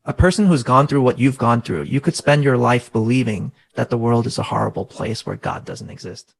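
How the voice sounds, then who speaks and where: Gravelly-voiced man talking earnestly. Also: mid-range voice, fairly quick, poor audio. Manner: earnest, reflective, often says "right?". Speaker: guest coach. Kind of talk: conversational interview.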